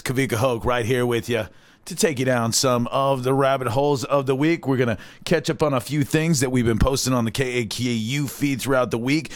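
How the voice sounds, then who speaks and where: A man's voice: mid-range voice, fairly bright tone, dry recording. A man in his forties from Hawaii hosting a live community radio show in a loose, rambling way, tossing in "all right?" asides.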